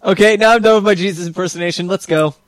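A man's voice: sits high, fast talker, no echo. Trivia-minded man, dry close sound. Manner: dry explanatory asides, fan trivia. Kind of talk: joking commentary over a film.

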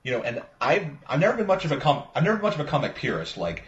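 A man's voice: on the high side, wildly swooping pitch, very fast. A man in casual movie chat, rambling and profane, with lots of "like" fillers. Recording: roomy, muffled recording with faint ambience.

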